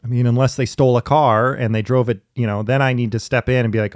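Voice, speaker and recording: A man in casual conversation, telling stories in a chatty, lively way with laughing asides. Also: mid-range voice, quick pace, no echo, studio quality. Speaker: podcast guest in therapy talk. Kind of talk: casual storytelling.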